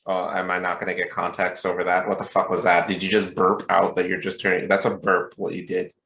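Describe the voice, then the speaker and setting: A young man with a fairly low voice co-hosts a podcast in loose, casual chat. He jokes, swears freely, and rambles from one point to the next. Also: completely flat delivery, fairly quick, gravelly, a bit bright. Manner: joking, profane, rambling. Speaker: podcast co-host.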